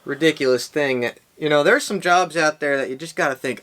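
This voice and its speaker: A man's voice: a little high, brisk, fairly bright tone. A man co-hosting a casual chat, making wry jokes and asking playful questions. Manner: wry, joking. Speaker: co-host.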